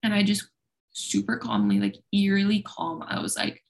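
A woman's voice: medium pitch, sing-song, normal speed. A young woman speaking openly and at length as an interview guest, talkative and self-deprecating. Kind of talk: candid personal conversation.

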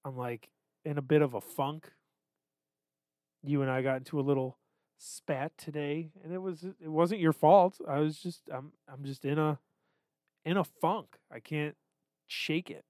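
A man's voice: fairly high pitch, steady tone, a little slow, pauses often, a little mellow, no room sound. A man co-hosting a podcast, talking candidly and self-deprecatingly about his struggles, swearing freely. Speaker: podcast co-host. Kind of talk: casual confessional chat.

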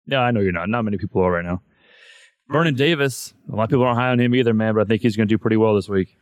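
A man's voice: fairly low pitch, racing, no room sound, studio quality. Profane, loose-talking male podcast host. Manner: loose and profane, says "man" constantly. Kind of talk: casual chat.

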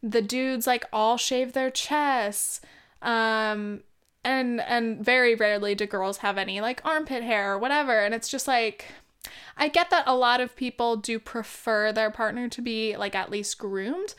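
Young woman rambling casually, tons of "like", swears, laughs, smooth clear voice a bit high. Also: fairly even intonation, unhurried, fairly bright tone. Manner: rambling, lots of "like", swears freely, laughs often. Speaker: vlogger. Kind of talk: casual chat.

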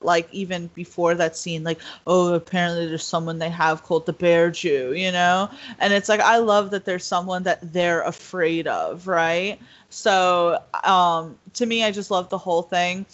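A woman co-hosting a casual podcast who retells scenes with lively voices, full of fillers. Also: fairly low pitch. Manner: animated storyteller, acts out scenes. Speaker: podcast co-host. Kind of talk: casual chat. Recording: slightly dull, muffled audio.

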